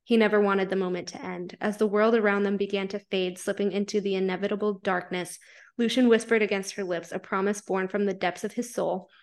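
A woman's voice: medium pitch, steady tone, fairly quick. Woman podcast host reading fanfiction aloud. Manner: swears freely and laughs while reacting. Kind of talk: reading fanfiction aloud, then casual chat.

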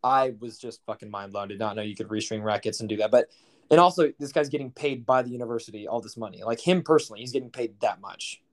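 A man's voice: medium pitch, fast talker. A young man co-hosting a podcast, telling stories in a rambling, profane, incredulous way. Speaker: podcast co-host. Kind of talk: casual chat.

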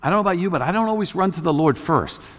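Pastor preaching with long hall reverb. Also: male voice, high-pitched, expressive, racing. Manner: conversational, many restarts, rises to loud emphatic peaks. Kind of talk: sermon.

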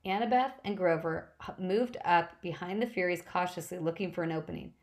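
A woman narrating a novel in a brisk, lively first-person audiobook reading. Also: on the low side.

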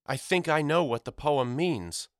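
A man's voice: a little high, expressive, measured pace, dry recording, clean studio sound, pitched above the performer's own voice. A man voicing a worried, loving mother in an audiobook, speaking urgently and pleadingly. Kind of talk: audiobook character voice.

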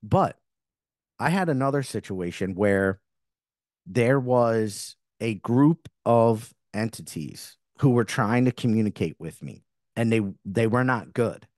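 Middle-aged male podcast host, mid-pitched, earnest and rambling, dry close sound. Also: animated, slow pace, darkish tone, dry recording. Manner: earnest, rambling with frequent restarts. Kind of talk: spiritual podcast monologue.

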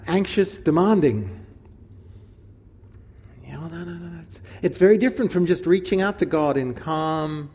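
Man, pastor, casual sermon, slightly high voice, long hall reverb. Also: darkish tone. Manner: casual, conversational preaching.

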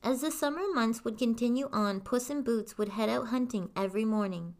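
A woman reading a fairy tale aloud in a calm, even storytelling manner. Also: a little high, a little fast.

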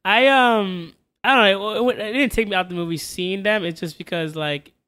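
Man, casual chat, fairly high pitch, smooth voice, relaxed, hesitant. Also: moderate pace. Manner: relaxed, hesitant, many restarts. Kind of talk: casual movie discussion.

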